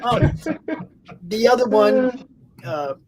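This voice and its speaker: A person telling jokes in casual chat, animated and laughing at their own punchlines. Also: mid-range voice, takes it slowly.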